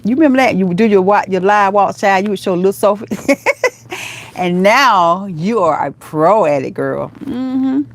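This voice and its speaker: A woman vlogger chatting on a livestream, reading viewer comments and talking to them as "girl" and "honey" in a lively, encouraging way. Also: mid-range voice, normal speed, hardly any pauses.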